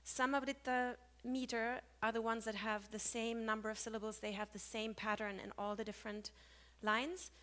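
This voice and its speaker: A woman with a slightly high voice lecturing on poetic meter. She talks in a loose, chatty way. She often stops to correct herself mid-sentence. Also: level tone, moderate pace, hardly any pauses, a bit bright. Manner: chatty, with self-corrections, hums meter rhythms. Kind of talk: conference talk on Sanskrit meter.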